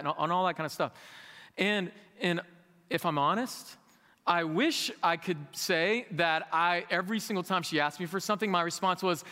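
A man's voice: high-pitched, brisk, sharp tone. A male pastor giving a sermon, candid and conversational, with emphatic rises in a reverberant church hall. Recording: echoey hall with long reverb.

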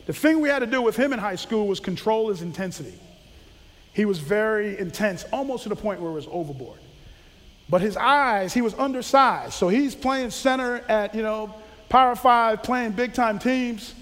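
A former football coach telling animated stories about players he coached, acting out quotes and laughing often. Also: high-pitched, in a large hall. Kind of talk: casual storytelling.

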